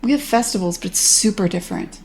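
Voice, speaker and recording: A woman's voice: mid-range voice, fast talker, darkish tone, breathy edge. An American woman in her thirties, a game developer chatting casually on a stream in a rambling way, swearing freely.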